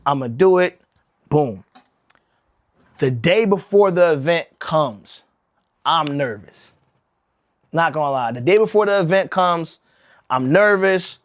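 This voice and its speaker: A man's voice: on the high side, lively intonation, slow, long pauses, dry recording, studio quality. A young man from Connecticut telling a rambling, slangy story on his livestream, saying bro a lot and often restarting his sentences. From Connecticut, USA. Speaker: rug-making livestreamer.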